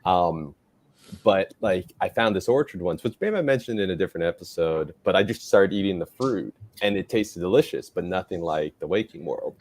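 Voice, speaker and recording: A man's voice: low voice, normal speed. A man, a guest on a livestream, speaking casually with many fillers. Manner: relaxed, lots of fillers.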